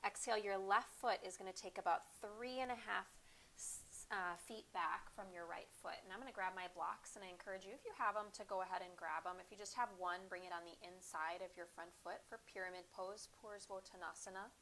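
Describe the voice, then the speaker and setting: A woman leads a slow yoga flow, calling out each breath and pose in a calm, unhurried voice. Her pitch sits in an ordinary middle range. A faint hiss runs under the recording. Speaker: yoga teacher. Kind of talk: guided yoga class instruction.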